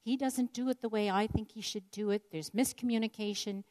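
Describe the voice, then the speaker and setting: A woman's voice: medium pitch, fairly even intonation, a little fast, darkish tone. An older woman telling a personal story in an earnest, reflective devotional talk. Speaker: speaker sharing a personal story.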